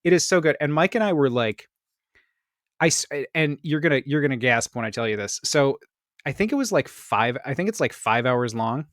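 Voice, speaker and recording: A man co-hosts a podcast in casual conversation, his mid-range voice animated and fairly bright at a normal speed. He rambles with many restarts, and the studio-quality recording has no room sound.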